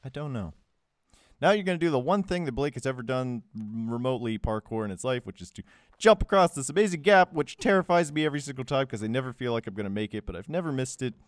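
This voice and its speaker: A man's voice: medium pitch, animated, quick pace, no echo. A young man giving a casual, joking game walkthrough voice-over, rambling with sarcastic asides. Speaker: gameplay guide narrator.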